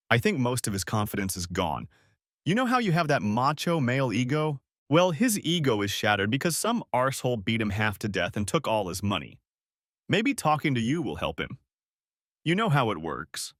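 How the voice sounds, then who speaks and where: A man's voice: medium pitch, fairly bright tone, no room sound, studio quality. A man voicing a friendly, chatty young neighbor woman in a storybook reading.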